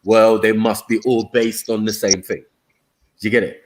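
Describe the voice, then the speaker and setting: A man's voice: lowish voice, little pitch movement, moderate pace, a little hiss or hum, rough recording. A man hosting a casual live-stream discussion, laid-back and repeatedly checking that listeners follow. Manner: laid-back, asks "do you get it?". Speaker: stream host. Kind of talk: casual group chat.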